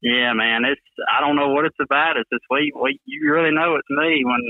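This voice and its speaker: A man's voice: mid-range voice, steady tone, brisk, dry recording. Easygoing young Alabama man on the phone. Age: 20s. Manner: easygoing, drawling, peppers talk with "man" and "you know". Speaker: guest. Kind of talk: casual phone interview. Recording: tinny dry phone line.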